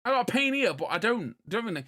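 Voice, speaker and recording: A British man in his thirties, a podcast co-host telling a story in a casual chat, moving between loud bursts and muttered asides. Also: high voice, sing-song, fast.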